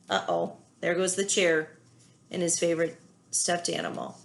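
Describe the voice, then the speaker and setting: A woman teacher reading a children's picture book aloud, pausing often to gently explain feelings to young listeners. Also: fairly low pitch, big pitch swings, a little hiss or hum. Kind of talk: children's read-aloud with commentary.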